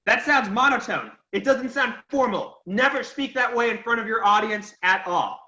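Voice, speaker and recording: High, bright-voiced male speech teacher. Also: moderate pace. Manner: encouraging, emphatic, asks the class questions. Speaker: public speaking teacher. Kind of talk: online class feedback and recap. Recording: lo-fi echoey room audio.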